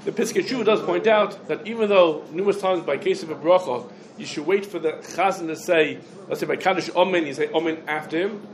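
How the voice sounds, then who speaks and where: High-voiced man giving a quick Talmud lesson. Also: poor audio. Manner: rapid, loose Hebrew-English lecture speech with restarts. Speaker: rabbi teaching a Talmud class. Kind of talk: halachic lecture to a class.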